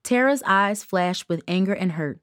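A woman reading an audiobook with measured, even storytelling narration. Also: mid-range voice, no room sound, clean studio sound. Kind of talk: scripted narration.

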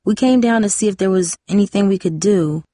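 Caring teen girl, soft and urging, read by a woman. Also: mid-range voice, fairly quick, dry recording, studio quality, natural voice. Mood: gentle. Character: caring teenage girl, steady friend.

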